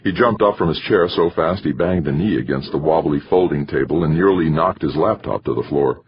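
A man reading a novel aloud as an audiobook narrator, in expressive storytelling. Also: a bass voice, a little fast, lo-fi sound, background noise. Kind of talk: scripted narration.

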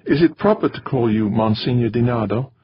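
Teasing curious crewmate, guy putting it on, raspy voice bouncing around in pitch, muffled sound. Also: animated, a little fast. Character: joking, curious crew member, casual.

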